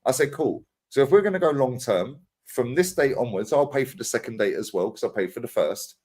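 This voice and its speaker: Man, casual podcast chat, animated storyteller, swears, lively pitch. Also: a little fast, breathy edge. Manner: animated storytelling, acts out quotes, swears freely, lots of slang. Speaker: podcast co-host.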